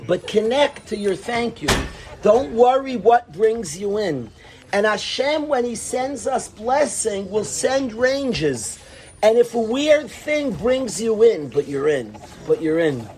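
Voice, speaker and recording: A man teaching a lively, casual Torah class, enthusiastic and animated, sprinkling Yiddish and Hebrew words into his talk. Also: high voice, takes it slowly.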